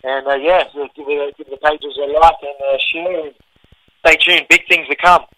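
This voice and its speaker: A man's voice: fairly high pitch, fairly even intonation, moderate pace, bright, forceful tone, no room sound, low-quality recording. A man with an Australian accent, a fighter guest on a radio interview, talking laid-back with lots of fillers.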